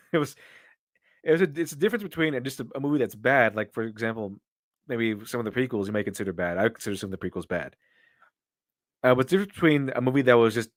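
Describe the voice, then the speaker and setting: A man's voice: medium pitch, a bit bright, no echo, clean studio sound. A man doing casual live-stream commentary and answering viewer donations, with rambling, opinionated talk full of restarts.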